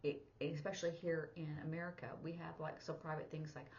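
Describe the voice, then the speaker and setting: A woman's voice: low voice, level tone, fairly quick, darkish tone, slight background noise. A woman who teaches sign language and works as an interpreter, giving a casual spoken lesson in a chatty way and acting out bits of dialogue as she explains. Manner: chatty, acts out quoted dialogue. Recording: dull lo-fi recording.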